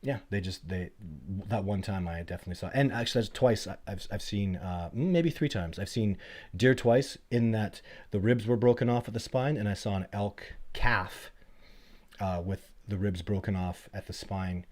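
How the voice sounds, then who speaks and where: A middle-aged man hosting a casual live Q&A, telling stories in an animated, blunt, plainspoken way. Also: on the low side, normal speed. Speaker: host of a livestream Q&A.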